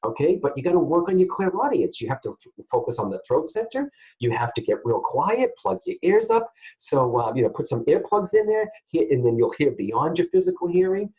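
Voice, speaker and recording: A man teaching psychic mediumship to camera in a casual, animated way, often checking in with his viewers. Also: on the high side, a little fast, poor audio. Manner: animated, keeps checking in with "guys, okay?".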